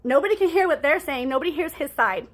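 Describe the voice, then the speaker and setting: A woman's voice: high voice, expressive, fast talker. A woman in a casual storytime monologue, rambling and cussing as she talks to her viewers and keeps asking "right?".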